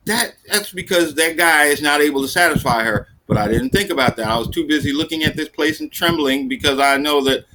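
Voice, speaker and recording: A man doing seated stand-up, telling a profane story in an animated way and jumping into high, exasperated outbursts. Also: brisk, hardly any pauses, a little hiss or hum, rough recording. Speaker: stand-up comedian.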